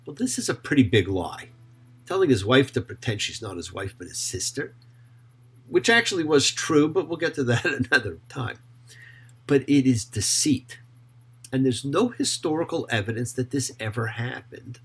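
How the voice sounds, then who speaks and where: A man who is a rabbi, teaching Torah in an emphatic, expressive way and often asking rhetorical questions. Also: mid-range voice, normal speed, breathy edge.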